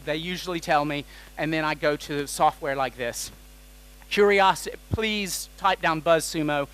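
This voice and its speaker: A man giving an energetic, joking talk on a conference stage, tossing questions at the audience. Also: a little high, moderate pace, clean tone, low-quality recording. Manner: energetic and jokey, quizzing the audience. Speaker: conference keynote speaker.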